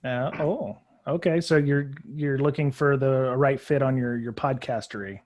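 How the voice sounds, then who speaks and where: A man's voice: mid-range voice, moderate pace, a little mellow. Rambling male podcast host. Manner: rambling, many fillers and restarts. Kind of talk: casual group podcast chat.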